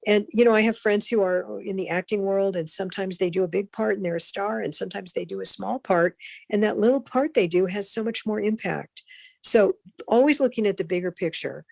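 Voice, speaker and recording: A middle-aged woman, a broadcast consultant, telling animated career anecdotes as a podcast guest and acting out the voices of people she quotes. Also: mid-range voice, a little fast, vocal fry, no echo. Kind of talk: storytelling in a podcast interview.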